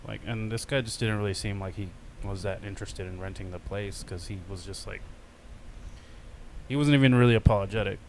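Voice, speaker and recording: A man's voice: lowish voice, a little fast, slight background noise. A man co-hosting a podcast in casual banter, laid-back and rambling, swearing casually. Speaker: podcast co-host.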